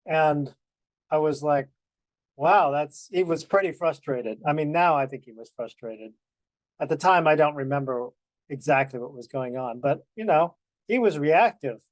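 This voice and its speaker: A man in a video-call practice group, sharing his own experience in an earnest, reflective way and slowing down on key phrases. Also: a little high, no room sound.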